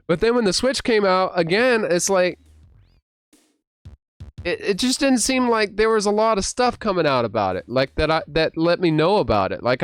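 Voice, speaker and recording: A young man hosting a livestream, chatting casually and retelling things with excitable, animated reactions. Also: on the high side, smooth, no room sound. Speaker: streamer host.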